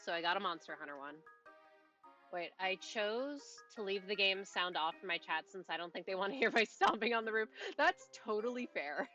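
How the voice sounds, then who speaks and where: A woman game streamer rambles to her chat with a bright, sharp-edged voice, breaking off mid-thought and laughing under her breath. The mic sounds dull and lo-fi, and soft game music plays faintly underneath. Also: medium pitch, animated, fairly quick. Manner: rambling, self-interrupting, chatty with little laughs. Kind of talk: casual live-stream chat while playing.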